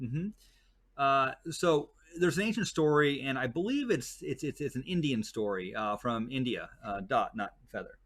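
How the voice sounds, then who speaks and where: A man's voice: medium pitch, animated, moderate pace, a bit bright. Rambling man telling stories as a guest. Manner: rambling storyteller, many fillers and restarts. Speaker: guest, desert tour guide. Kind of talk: casual chat.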